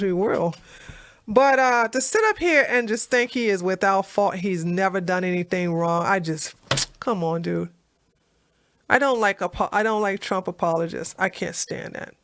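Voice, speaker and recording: On a casual political debate stream, a woman commentator rants bluntly, mocking and swearing and often repeating herself. Her voice is on the high side, pushed and bright, with no room sound.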